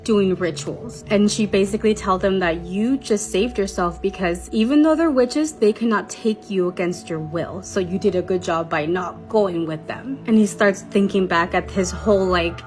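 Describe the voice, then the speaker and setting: Woman, casual spooky storytime, chatty and animated, soft music underneath. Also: medium pitch. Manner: chatty, animated, quoting others in quick bursts.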